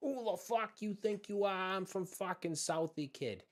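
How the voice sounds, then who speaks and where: A man's voice: sits high, moderate pace, voice pushed up, close to an everyday voice. Brash Southie tough guy with a Boston accent, raised and belligerent, put on by a man. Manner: belligerent, swaggering, profane.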